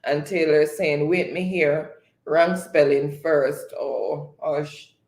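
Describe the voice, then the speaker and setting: A man hosting a live stream, reading viewers' chat comments aloud in a relaxed way and often laughing. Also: fairly high pitch, slow pace. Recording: echoey room.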